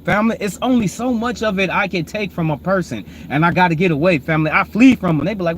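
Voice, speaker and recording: A man, hosting and preaching informally on proverbs, repeatedly calling listeners "family", swinging between low murmured reading and loud emphatic preaching. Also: fast, few pauses, slight background noise. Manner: repetitive, calls listeners "family". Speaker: host.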